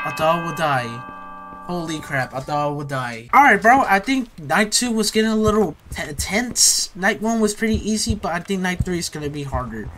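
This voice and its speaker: Jittery gamer man, slightly high voice. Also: bright, forceful tone, poor audio. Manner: jittery, repeats phrases, talks to viewers as bro. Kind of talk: let's play commentary.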